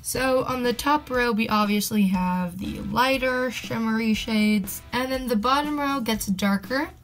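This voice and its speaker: A woman's voice: a little high, soft background music. A young woman chatting casually to camera in a home vlog, upbeat and talkative. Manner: chatty, upbeat, quick asides. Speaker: vlogger. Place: indoors at home.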